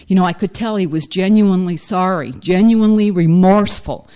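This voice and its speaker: A woman's voice: lowish voice, a little fast, mellow, clean tone. A middle-aged woman giving a frank, self-mocking personal recovery testimony as a speaker at a meeting.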